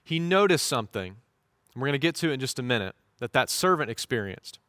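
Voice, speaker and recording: A man's voice: medium pitch, very animated, fast talker, fairly bright tone, no room sound, studio quality. A male pastor preaching a sermon, telling stories and slipping into voices for the people in them. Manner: storytelling, shifts into voiced quotes.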